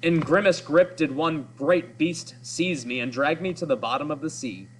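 A man's voice: a little high, a little hiss or hum, lightly acted, poor audio. A man reading a proud solemn hero. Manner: solemn, deliberate, old-fashioned speech. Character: boastful brave male hero warrior. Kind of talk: read-aloud of a story.

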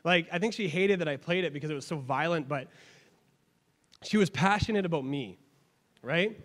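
A man's voice: on the high side, moderate pace, fairly bright tone. A young man preaching a sermon as a pastor, telling stories in a casual, humorous way. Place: church sanctuary. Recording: long hall reverb.

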